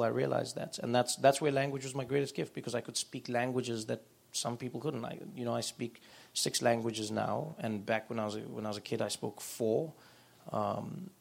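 A man, a guest author and comedian telling animated stories in a live on-stage conversation. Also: mid-range voice, creaky. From South Africa. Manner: animated storytelling. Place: live event room.

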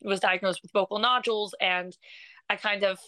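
A woman's voice: medium pitch, normal speed, no echo, poor audio. A young woman from England, a singer, talking in a casual interview with lots of laughs, fillers and restarts. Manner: animated, laughs often, many fillers and restarts. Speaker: singer and guest.

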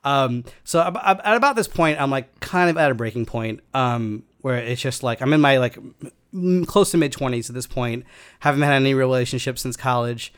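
A man in a relaxed conversation, recounting a personal story at an ordinary pitch. He rambles, stops and restarts, leaning on fillers as he goes. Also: a little fast, clear, resonant tone.

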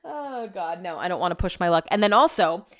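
A woman's voice: on the low side, animated, fairly quick, no echo. A young adult woman, a radio show host, telling rambling everyday stories in a casual chat, cursing freely as she goes. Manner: rambling, profane storytelling.

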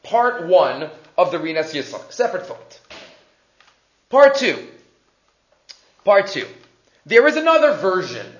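Animated man teaching a Torah class. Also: high-pitched, a little slow, long pauses. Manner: mixes Hebrew and Aramaic quotes into English explanation; animated, rhetorical questions. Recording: echoey muffled room recording.

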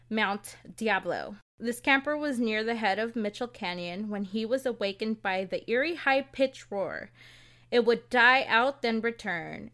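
A woman's voice: on the high side, fairly bright tone. A woman with a Californian accent, co-hosting a casual podcast and telling a local legend, laughing often and swearing now and then. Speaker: podcast co-host. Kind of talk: casual storytelling chat.

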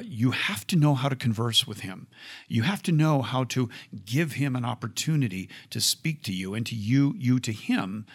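A man hosting a show, talking with excitement about a book he is holding, with frequent restarts. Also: medium pitch. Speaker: host. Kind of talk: casual enthusiastic product talk.

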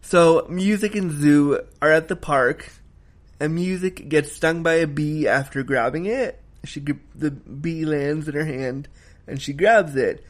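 A man's voice: on the high side, unhurried. A man giving a casual spoken film review, emphatic and heated, swearing freely as he rants.

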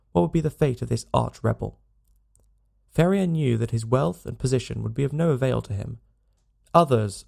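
A man narrating a classic story in a measured, dramatic audiobook reading. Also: mid-range voice, creaky, a little mellow.

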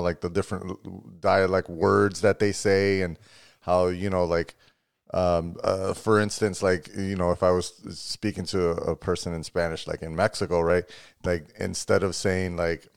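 Man, low deep voice, podcast co-host, easygoing rambling chat, dry close mic. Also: creaky, clean tone, no echo. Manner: easygoing, agreeable, talks in long rambling turns. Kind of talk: casual podcast banter.

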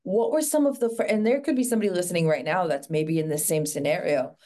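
A woman's voice: on the low side, quick pace, mellow. A woman hosting a podcast interview, praising her guest effusively and asking open questions. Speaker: podcast host.

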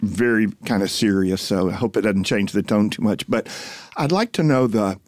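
Un hombre mayor, padre de las presentadoras, que hace preguntas rápidas al invitado con humor seco y burlón. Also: male voice, on the low side, normal speed, a little mellow, no room sound, clean studio sound. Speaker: father of the hosts, former ad creative director. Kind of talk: asking rapid-fire interview questions.

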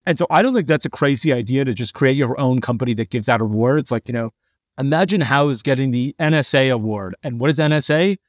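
A man's voice: mid-range voice, a little fast, no echo, clean studio sound. Sarcastic male podcast co-host. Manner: sarcastic, mocks people by putting on their voices. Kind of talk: casual business chat.

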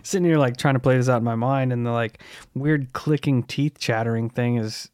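A man with a mid-pitched voice reacts to the stories in quick, loose chat. His voice is recorded dry and close to the mic. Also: a little mellow, clean tone, dry recording. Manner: reacts and muses in quick, loose, profane talk. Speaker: podcast co-host. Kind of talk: casual chat.

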